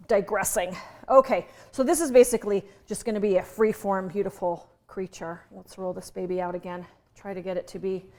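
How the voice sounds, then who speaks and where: A woman's voice: mid-range voice, darkish tone. A woman chef teaching a recipe in a kitchen, chatty and playful with jokey asides. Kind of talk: casual home cooking demonstration.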